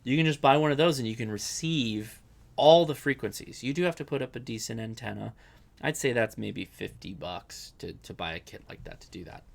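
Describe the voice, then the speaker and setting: A young man hosts a casual live Q&A from home, answering viewer questions. His voice has a gravelly edge at an ordinary middle pitch. He rambles along and keeps correcting himself mid-sentence. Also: a little fast. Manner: chatty, rambling, self-correcting.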